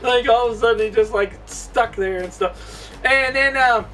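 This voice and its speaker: A man's voice: very high voice, normal speed, pushed and bright, recorded from a distance. Male review host, loose and giggly, recorded away from the mic with faint background music. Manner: giggly, rambling, often laughs mid-sentence. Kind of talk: casual movie review chat.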